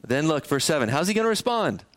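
A man's voice: a little high, big pitch swings, fast talker. A male pastor preaching a sermon in a conversational way, often putting questions to the congregation. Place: church sanctuary.

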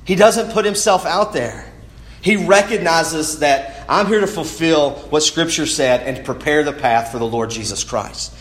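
A man's voice: a little high, normal speed. A man preaching a sermon in an earnest way, often restarting words as he goes. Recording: roomy echo.

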